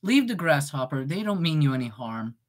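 A woman's voice: deep voice, sing-song, a little fast. An eighteen-year-old woman streamer and voice actor chatting casually, goofy and swearing, breaking into yelps.

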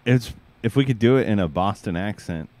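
A man's voice: on the low side, lively intonation, fairly quick, a little mellow. A man chatting casually between songs on a live music stream, joking about doing a silly accent. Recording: music playing behind.

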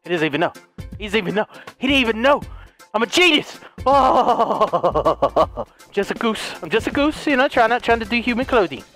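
Brief: excitable male gamer, wildly swooping pitch, loud outbursts, game music underneath. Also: moderate pace. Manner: excitable, yelling and gasping, talks as the goose he plays. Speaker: let's play gamer. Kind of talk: gaming commentary.

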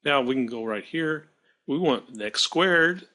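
A man teaching math, talking through a screen-recorded software demonstration and correcting his slips aloud as he works. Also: medium pitch, lively intonation, a little slow. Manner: thinking aloud while working, self-correcting.

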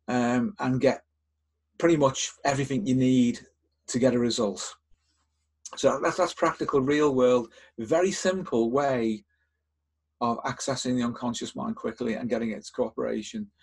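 An older male therapist hosting a podcast, explaining a method step by step in a calm, instructive way with frequent restarts and repeated words. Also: mid-range voice, normal speed, slightly rough.

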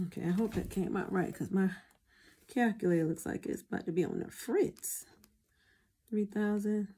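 Woman vlogger, casual and chatty, mid-pitched voice, talks straight to camera viewers. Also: vocal fry, warm tone. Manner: chatty, addresses viewers as y'all. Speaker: budgeting vlogger.

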